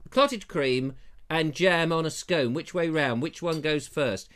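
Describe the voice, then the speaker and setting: A man's voice: a little high, unhurried, fairly bright tone. A man hosting a casual live show, joking and reading viewer comments aloud on a lapel mic. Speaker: host. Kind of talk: casual live-stream chat.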